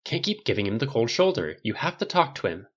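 A man's voice: medium pitch, brisk, vocal fry, muffled recording. A man reading aloud and voicing a firm, cutting middle-aged mother in an audiobook of a story. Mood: firm, exasperated. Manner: sharp, exasperated, poisonous.

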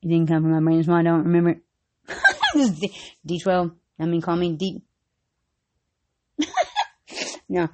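A woman's voice: fairly low pitch, little pitch movement, measured pace, long pauses, a little mellow, a little hiss or hum. A woman vlogger telling rambling, casual stories, swearing freely and breaking into frequent giggles.

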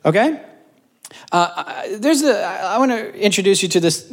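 Animated joking male preacher. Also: high-pitched, moderate pace. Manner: animated, joking, self-mocking storyteller. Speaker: pastor. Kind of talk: casual sermon.

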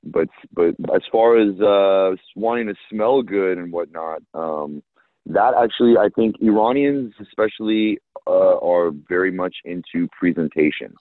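A man with a very low voice chats casually, relaxed and joking, his sentences trailing into fillers. The sound is tinny and phone-like, dry with no room around it. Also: unhurried, dry recording. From United States. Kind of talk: casual chat.

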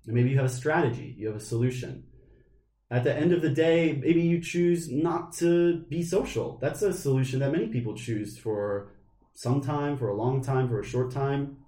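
A man's voice: medium pitch, normal speed, mellow, echoey room. A man co-hosting a podcast, rambling casually and laughing often. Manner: rambling, laughs often, puts on silly voices. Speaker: podcast co-host.

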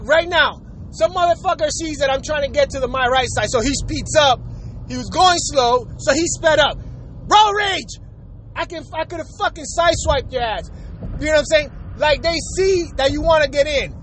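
Young guy, real high voice, cussing out traffic in his car, says the same thing over and over. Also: fairly bright tone. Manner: profane, ranting, repetitive. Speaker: vlogger. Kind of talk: ranting while driving. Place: inside a car in city traffic. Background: faint traffic noise.

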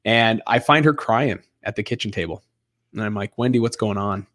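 A man in his thirties, an interview guest who tells his story in a lively way and acts out the other voices. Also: lowish voice, normal speed. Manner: animated storyteller acting out dialogue. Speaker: guest, real estate investor.

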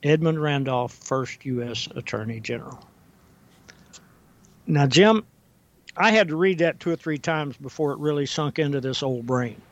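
Older male guest, fairly high voice, measured and hesitant delivery, dull lo-fi sound. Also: animated. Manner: deliberate, halting with frequent fillers; reads quotations slowly and carefully. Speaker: guest historian. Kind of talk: talk radio interview. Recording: dull, dry lo-fi audio.

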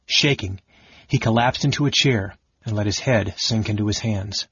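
A man reading an audiobook in a measured, dramatic narration. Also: lowish voice, fairly bright tone, slightly rough, no echo, muffled recording.

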